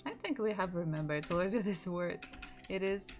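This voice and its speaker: A woman's voice: fairly low pitch, moderate pace. A woman with a Russian accent teaching an online language lesson, patiently repeating each word several times.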